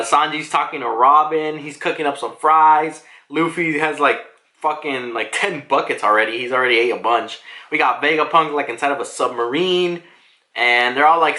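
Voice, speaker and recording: A man's voice: fairly high pitch, sharp tone. A man giving a casual, rambling manga chapter review, swearing often and packing in fillers. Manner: rambling, profane, heavy on fillers like "like". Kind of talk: casual commentary. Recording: echoey room.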